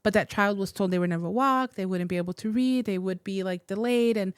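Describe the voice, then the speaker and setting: Woman, psychic guest, casual storytelling, halting and teary, dry close sound. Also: medium pitch, clean tone, dry recording. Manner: emotional, near tears, halting with restarts.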